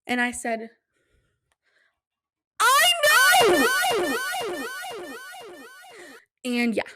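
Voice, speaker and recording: A young woman hosting a casual solo podcast at home, telling stories in an animated, self-deprecating way and acting out quotes. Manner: animated, self-deprecating, acts out quotes with big pitch jumps. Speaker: podcast host. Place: home room, quiet at night.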